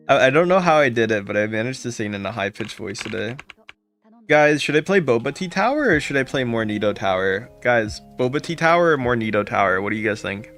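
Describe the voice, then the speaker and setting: A man's voice: mid-range voice, animated, a little fast, fairly bright tone, faint music behind. A man streaming a game live, chatting casually and greeting viewers by name with repeated thanks.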